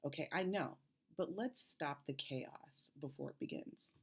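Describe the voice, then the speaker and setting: A woman's voice: sits low, a little slow, husky. A woman health coach in her thirties, explaining advice to camera and checking in with the viewer with a frequent "okay?".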